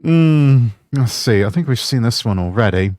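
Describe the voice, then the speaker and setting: A man streaming, chatting casually about clips he is watching in a relaxed, musing way. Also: mid-range voice, normal speed, dry recording, studio quality. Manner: relaxed, musing, chuckling asides. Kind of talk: casual reaction commentary.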